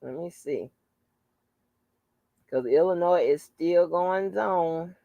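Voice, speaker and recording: A woman's voice: fairly low pitch, takes it slowly, creaky, dark tone, dry recording, dull audio. Blunt, profane woman chatting on a live stream. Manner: greets viewers by name, blunt and profane. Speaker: channel host. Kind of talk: casual live-stream chat.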